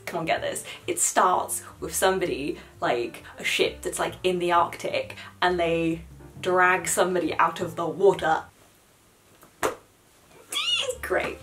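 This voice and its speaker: A young woman talking casually to camera about books, animated and blunt, with sarcastic asides. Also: fairly low pitch. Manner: chatty, animated, swears and mocks in quoted asides. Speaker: book vlogger. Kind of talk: casual chat.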